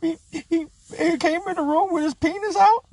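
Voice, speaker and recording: A man mimicking a woman reading out an accusation in a mocking, high-pitched voice. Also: normal speed, darkish tone, dry recording.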